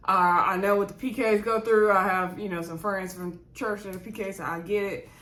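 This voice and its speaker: A woman at a middle pitch chats through a reality show recap in a relaxed, rambling way. She piles on asides and fillers as if talking to friends. Her voice carries a noticeable room echo. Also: moderate pace. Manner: rambling, chatty, digressive, with frequent asides and fillers. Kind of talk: casual chatty episode recap. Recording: roomy echo.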